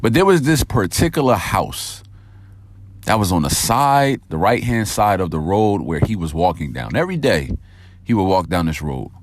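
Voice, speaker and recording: A man's voice: low-pitched, big pitch swings, moderate pace, dry recording. A man hosting a motivational podcast, talking directly and energetically to his listeners and telling a story to make his point.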